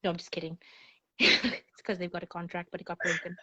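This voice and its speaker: A woman guest in casual chat, animated, swinging between high and low and laughing often. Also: fairly quick. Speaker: podcast guest.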